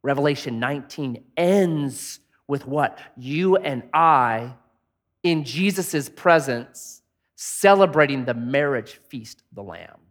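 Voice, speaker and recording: A male pastor preaching a sermon in an animated, joking, conversational way. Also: medium pitch, slow pace.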